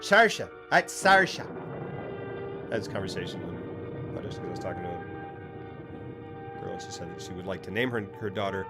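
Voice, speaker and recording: A man casually chatting on a live stream while watching a film, animated and playful, repeating words for laughs. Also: low voice, unhurried, pauses often, music in the background. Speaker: stream co-host.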